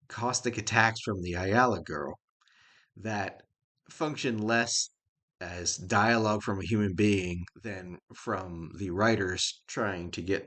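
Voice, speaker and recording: A man's voice: on the low side, fairly bright tone. A middle-aged man giving a casual, rambling spoken review of a show, folksy and chuckling often.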